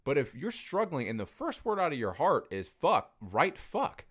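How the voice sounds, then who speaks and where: Candid, lively-voiced man chatting. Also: fairly high pitch, moderate pace, breathy edge. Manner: candid, rambling, swears freely. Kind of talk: casual conversation.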